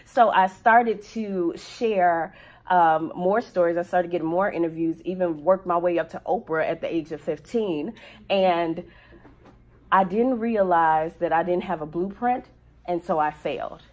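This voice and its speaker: A woman's voice: on the low side, a little slow. A woman on a panel telling a personal story to a live audience, earnest and heartfelt. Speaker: panel speaker.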